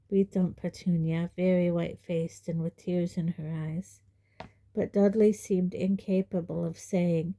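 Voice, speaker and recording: A woman narrating an audiobook in a measured, even way. Her voice is very dark and mellow, and she takes an unhurried pace. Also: lowish voice. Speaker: audiobook reader.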